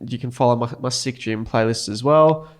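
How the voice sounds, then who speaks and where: A man's voice: mid-range voice, fairly quick. Chatty man, cheeky podcast banter. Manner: chatty, jokey, plugs the show with cheeky asides. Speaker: podcast co-host. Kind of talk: casual chat.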